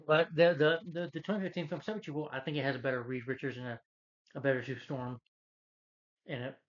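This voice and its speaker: A man's voice: medium pitch, fairly even intonation, quick pace. Rambling man recapping a movie, lo-fi. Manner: rambling, full of "you know" and "he's like". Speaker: film reviewer. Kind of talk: casual movie review and plot recap.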